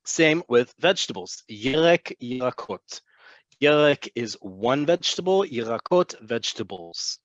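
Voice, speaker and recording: A man teaching vocabulary in a webinar, explaining patiently and repeating words slowly for learners. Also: medium pitch, animated, no echo, dull audio. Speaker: Hebrew teacher. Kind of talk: online language lesson. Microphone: computer mic on a video call.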